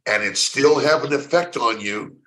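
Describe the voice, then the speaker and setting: A man's voice: mid-range voice, moderate pace, fairly bright tone. Interview guest: a man from San Francisco, earnest storyteller, mid-range voice, repeats words as he goes. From San Francisco, United States. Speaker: spiritual coach being interviewed. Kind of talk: conversational interview.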